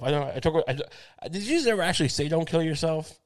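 A man's voice: on the high side, lively intonation, fast. A man hosting a talk show, delivering a profane, sardonic comedic monologue that rambles and restarts itself.

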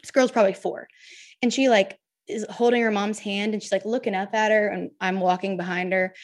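A young woman co-hosting a podcast, telling lively stories and mimicking people in raised voices. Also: mid-range voice, fairly quick. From Southern United States. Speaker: podcast co-host. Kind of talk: casual sports chat.

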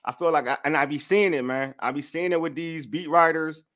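A man's voice: a little high, brisk. Fired-up DC man venting about football. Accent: DC-area American English. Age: young adult. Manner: animated, venting, repeats himself for emphasis. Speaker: sports podcast co-host. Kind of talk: heated casual sports talk.

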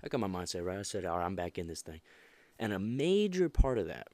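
A man's voice: low voice, very animated, fast talker, darkish tone, no echo. A young man hosting a motivational podcast, talking casually and emphatically with many restarts and fillers. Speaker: podcast host.

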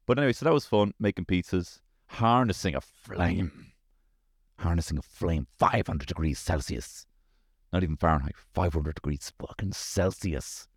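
Low-voiced Dublin man telling comic stories. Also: normal speed, slightly rough, no echo, studio quality. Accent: Dublin Irish. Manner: animated storytelling, swears freely, lots of tag questions. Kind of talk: casual comic monologue.

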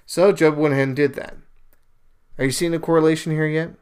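A young man hosting a podcast, retelling a story in a casual, animated monologue, with sudden louder bursts. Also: fairly high pitch, a little fast, clean tone. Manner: animated storyteller, paraphrases scenes in bursts of raised voice. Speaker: podcast host. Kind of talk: casual religious commentary monologue.

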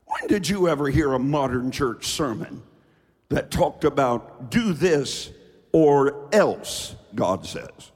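A man preaching a fiery sermon from the pulpit, dropping to low asides and rising to shouted refrains. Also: big pitch swings, slow, breathy edge. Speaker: pastor. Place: church sanctuary with reverb. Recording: hall reverb from a large church.

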